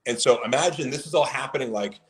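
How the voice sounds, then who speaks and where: A man's voice: medium pitch, fast talker, fairly bright tone, poor audio. Rambling man telling a story. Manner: rambling, heavy on fillers, acts out quoted people. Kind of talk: casual storytelling on a live stream.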